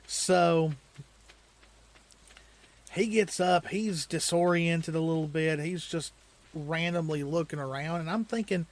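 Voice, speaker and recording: A slightly high-voiced man hosts a let's play and tells a loose, rambling story as he plays. He chuckles often and restarts his sentences as he goes. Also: takes it slowly, long pauses. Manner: chuckles often while telling stories. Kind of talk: casual storytelling while playing a video game.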